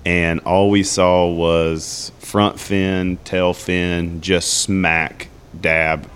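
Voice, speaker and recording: A middle-aged man guests on a casual talk, his voice low-pitched and smooth. He tells easygoing stories, laughing along the way. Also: level tone, drawn-out words, fairly bright tone. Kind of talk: casual chat.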